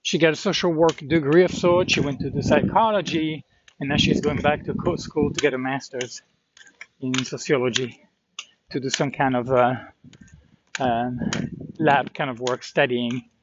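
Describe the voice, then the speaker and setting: A man's voice: medium pitch, fairly even intonation, moderate pace, background noise. A man talking through his day on a walking pilgrimage, reflective and thinking aloud with many fillers, recorded outdoors by a road. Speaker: pilgrim vlogger. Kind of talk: rambling spoken travel diary. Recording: dull lo-fi recording.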